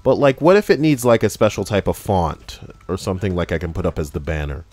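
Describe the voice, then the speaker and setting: A man's voice: deep voice, expressive, a little fast, a little mellow, no echo. A man hosting a podcast in casual chat, full of crude, teasing banter. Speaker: podcast host.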